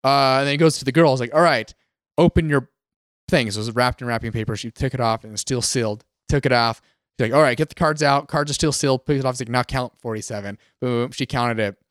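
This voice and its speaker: A man, co-hosting a casual gaming podcast and retelling events in an animated way. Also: medium pitch, quick pace, no room sound, clean studio sound. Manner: animated storyteller, acts out quotes. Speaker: podcast co-host.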